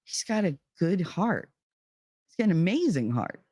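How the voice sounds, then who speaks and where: A woman's voice: fairly low pitch, big pitch swings, moderate pace, dark tone, dry recording, studio quality. A middle-aged woman streaming from home, telling a story in casual chat, heated and profane. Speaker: live streamer.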